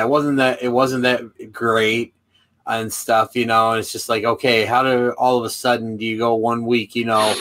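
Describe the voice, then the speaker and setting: A man's voice: mid-range voice, a bit bright. A man co-hosting a casual wrestling podcast, talking hesitantly with frequent stammers and restarts. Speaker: podcast co-host.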